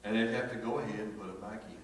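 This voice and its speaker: A man preaching a sermon, telling a folksy, animated story full of acted quotes. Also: lowish voice, rapid-fire, a little hiss or hum. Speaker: pastor. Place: church sanctuary. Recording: echoey church hall from far off.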